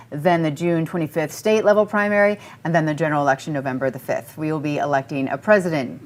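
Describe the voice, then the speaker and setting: A woman hosting a public affairs panel, moderating with a measured, steady delivery. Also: low-pitched. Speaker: talk show host.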